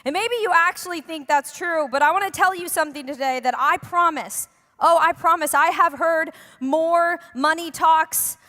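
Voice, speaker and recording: Bright high woman preaching in a hall. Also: normal speed. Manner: chatty and joking with the congregation. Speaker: pastor. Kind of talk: sermon. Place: church hall. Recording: long hall reverb.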